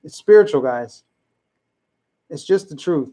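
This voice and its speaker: A man with a fairly high voice hosts a live political commentary stream. He hammers his points home emphatically and keeps repeating them. Between points he talks directly to the people in his chat. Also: expressive, measured pace, long pauses, warm tone. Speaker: livestream host.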